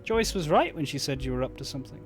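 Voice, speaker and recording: A male streamer reading game dialogue aloud, halting now and then over a word. His voice sits a little high and has a lively range. Faint game music plays in the background. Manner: halting reading with small stumbles.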